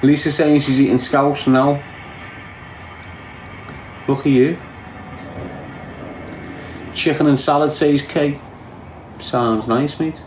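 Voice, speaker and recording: A man's voice: fairly high pitch, fairly even intonation, takes it slowly, pauses often, darkish tone, roomy sound, a little hiss or hum, rough recording. A man with a Liverpool accent hosting a livestream, reading comments and chatting bluntly in a teasing way. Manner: blunt, banter-heavy, calls people lad. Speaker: livestream host. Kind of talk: casual chat reading live comments.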